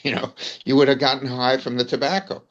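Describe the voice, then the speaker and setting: Rambling anecdotes come fast from this older American man with a New York accent, who is a guest in an interview and keeps saying "you know" and "man." His mid-range voice barely shifts in pitch, and the audio is lo-fi.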